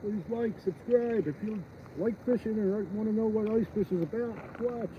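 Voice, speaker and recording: High-voiced man chatting while ice fishing. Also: normal speed. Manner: chatty, rambling and jokey, talks to viewers. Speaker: fishing vlogger. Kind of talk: casual live-stream chat. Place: outdoors on a frozen lake, ice fishing. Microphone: phone. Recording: dull lo-fi phone audio outdoors. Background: wind.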